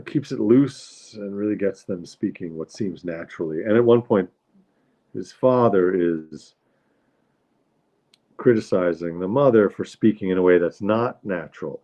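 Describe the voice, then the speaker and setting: A man hosts a livestream in a loose, rambling way and keeps greeting his viewers as he talks. His voice sits on the low side, and the audio is dull and lo-fi. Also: a little slow, dark tone. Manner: rambling, easygoing, greets chat often. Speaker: livestream host. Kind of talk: casual chat with viewers.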